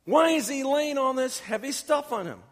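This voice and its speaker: High-voiced male preacher in echoing church. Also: expressive, moderate pace. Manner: emphatic storytelling preacher, acts out quotes. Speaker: pastor. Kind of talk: sermon. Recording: long reverb of a church hall.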